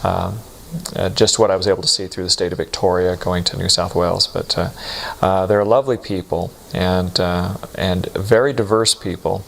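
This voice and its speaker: Low-voiced man telling a halting story. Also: fairly even intonation, vocal fry, a bit bright, a little hiss or hum. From United States. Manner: halting, many fillers and restarts. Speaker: interviewee recalling mission abroad. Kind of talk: recorded interview storytelling.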